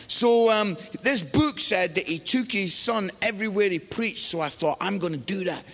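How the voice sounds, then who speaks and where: A man from the UK preaches with a notably high voice, spinning self-mocking stories and acting out the people in them. He sounds middle-aged, and his words ring on in a large reverberant hall. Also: normal speed, few pauses, pushed and bright. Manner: chatty, self-mocking, acts out quoted voices. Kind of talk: sermon with humorous storytelling. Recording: live hall with long reverb.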